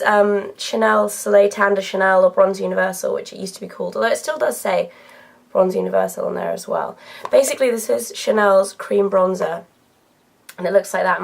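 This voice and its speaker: A woman, hoarse from a cold, chatting casually about beauty products. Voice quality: husky, lowered voice. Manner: chatty, lots of fillers and "kind of". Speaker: beauty vlogger.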